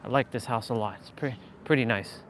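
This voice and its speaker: A man's voice: mid-range voice, brisk. Motivational vlogger, male, talking emphatically while walking outdoors, faint street noise. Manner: earnest, emphatic, repeats phrases.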